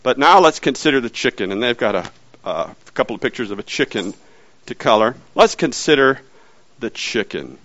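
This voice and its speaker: A man preaching a sermon in an animated way, swinging from loud lines to hushed, whispered ones. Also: medium pitch, normal speed, no echo, lo-fi sound.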